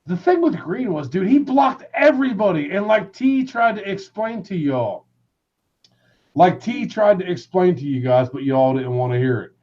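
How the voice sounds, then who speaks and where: A man hosting a livestream in a casual rant, loud and excitable, swearing constantly and shouting people's names. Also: high voice, normal speed, highs cut off. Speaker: livestream host.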